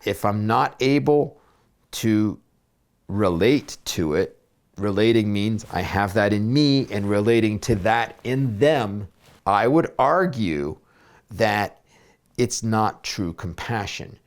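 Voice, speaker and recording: A man talking as a therapist and spiritual coach in a reflective video blog, gentle and searching, with many fillers and restarts. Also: on the low side, expressive, takes it slowly.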